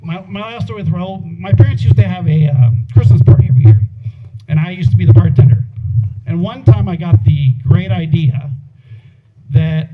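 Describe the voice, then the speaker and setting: A man's voice: sits high, moderate pace. A man in his forties giving an informal, joking eulogy full of profanity and restarts, outdoors at a backyard gathering. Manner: joking, profane, repeats words. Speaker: eulogy speaker. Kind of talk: informal eulogy with funny stories. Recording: tinny phone-like sound with faint noise.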